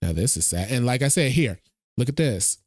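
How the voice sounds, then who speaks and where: A man's voice: medium pitch, expressive, normal speed, soft background music. A man casually reacting to a movie trailer, thinking aloud and talking to his viewers. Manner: chatty, thinks aloud, addresses viewers as y'all.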